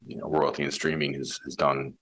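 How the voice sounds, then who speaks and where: A man's voice: rumbling low, little pitch movement, fairly quick, a bit bright. A man who heads a mining company, explaining his ideas in a thoughtful interview with many restarts and fillers. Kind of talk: conversational interview.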